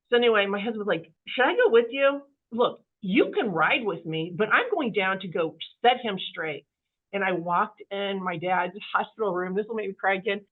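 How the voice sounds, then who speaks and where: Woman, interview guest, candid storytelling, animated, lots of fillers, tinny phone-like audio. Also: medium pitch. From Kansas City area, US. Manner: animated, acts out quoted voices, many fillers. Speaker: podcast guest.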